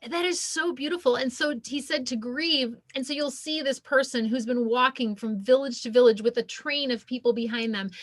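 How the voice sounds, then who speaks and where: A middle-aged woman with a fairly bright voice on the high side appears as a podcast guest; she is a shamanic healer and former physician. In casual interview chat she tells stories earnestly, with many likes and you-knows. The recording is dry and close, with no echo.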